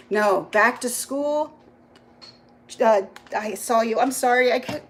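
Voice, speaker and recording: A woman's voice: on the high side, unhurried, low-quality recording. A middle-aged woman, chatting casually on a live stream from her phone at home, greeting viewers by name and laughing often. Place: home kitchen.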